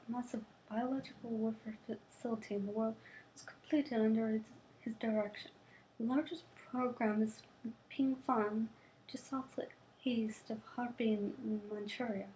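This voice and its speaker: A woman's voice: on the high side, darkish tone, slight background noise, rough recording. A young woman, a student, reading a novel aloud, often tripping and restarting words and adding casual asides. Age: young adult.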